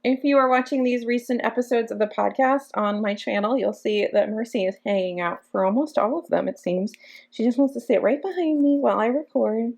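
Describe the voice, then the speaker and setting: A woman's voice: fairly high pitch, a little fast, creaky, darkish tone. A young woman vlogging casually from her sofa at home, rambling and gushing with many restarts. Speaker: book vlogger. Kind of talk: casual vlog chat.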